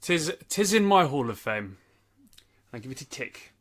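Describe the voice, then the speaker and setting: A man's voice: medium pitch, big pitch swings, measured pace, a bit bright. A man co-hosting a film podcast in casual chat, stressing his points by repeating words. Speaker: podcast co-host.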